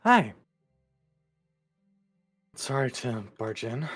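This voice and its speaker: Brief: woman with a very low, husky voice, lively and dry at the table. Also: extremely slow, soft background music. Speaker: player. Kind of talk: casual tabletop play.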